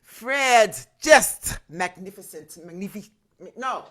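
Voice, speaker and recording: A woman's voice: mid-range voice, big pitch swings, normal speed, bright, forceful tone. A woman signing off a video call, showering people with "darling" and "marvelous" in an effusive way. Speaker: guest singer. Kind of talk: warm sign-off chat on a video call.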